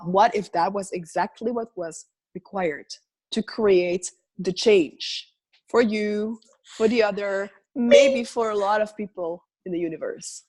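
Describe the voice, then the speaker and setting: A woman's voice: mid-range voice, measured pace, a little mellow. A woman speaking as a guest facilitator in a conversational video call, reflective and full of questions, acting out inner voices.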